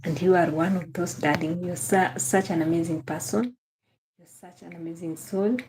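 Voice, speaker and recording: A woman's voice: on the low side, fairly even intonation, normal speed, background noise. A young Kenyan woman hosting a casual livestream, greeting viewers by name and gushing praise and thanks, repeating her phrases. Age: young adult. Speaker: livestream host.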